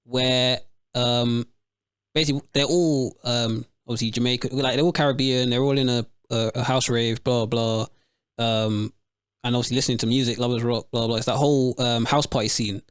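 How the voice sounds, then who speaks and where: A man's voice: mid-range voice, fairly even intonation, moderate pace, clean tone, no echo, clean studio sound. A man, hosting a casual podcast chat and telling stories in slang. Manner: slangy storytelling, mimics voices. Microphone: remote call, close mic.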